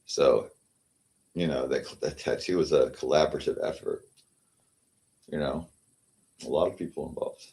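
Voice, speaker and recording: A man chatting casually on a livestream, halting and repeating his words, trailing off and sometimes dropping to a murmur. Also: very deep voice, gravelly, a little mellow. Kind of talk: rambling casual livestream chat.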